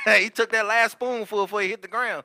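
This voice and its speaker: Bright-voiced man, laughing, profane. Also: sits high, steady tone, normal speed, slight background noise. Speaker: co-host. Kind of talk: casual comedic chat.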